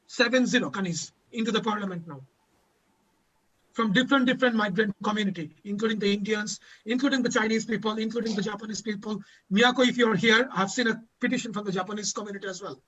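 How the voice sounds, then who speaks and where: Male panel host, high bright voice, emotional, dull lo-fi audio. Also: breathy edge. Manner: emotional, repeats lines for emphasis. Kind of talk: impassioned advocacy speech.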